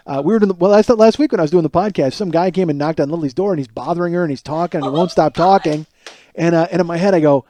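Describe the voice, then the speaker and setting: A man's voice: on the high side, fast, warm tone, slight background noise. A middle-aged man from Chicago hosting a podcast, telling a rambling comic story with frequent restarts and profanity. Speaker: podcast host. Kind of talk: casual comic monologue.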